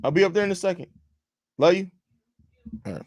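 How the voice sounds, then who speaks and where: Relaxed man hosting a sports podcast, dry sound. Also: high-pitched, brisk, no echo. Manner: loose, repeats phrases, reads chat questions aloud. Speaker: podcast host. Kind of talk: casual live-stream sports chat. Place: at home. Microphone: desk microphone.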